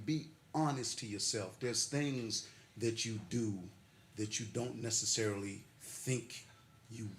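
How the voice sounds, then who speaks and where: An older man giving a heartfelt, emotional acceptance speech at an awards ceremony. He talks with laughter and builds his points through repeated, preacherly phrases. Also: medium pitch. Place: ceremony hall. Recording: echoey hall with faint noise.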